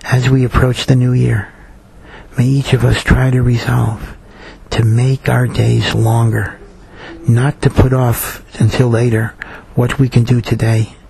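A man giving a Torah talk as a storytelling sermon, earnest and slowing down to stress his points. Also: mid-range voice, flat delivery, gravelly, a little mellow, slight background noise, low-quality recording.

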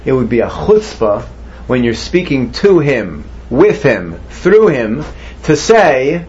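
A man's voice: mid-range voice, big pitch swings, slow pace, a little mellow. A man teaching a Torah class, posing questions to his students and mixing Hebrew terms into his explanations. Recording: dull lo-fi recording.

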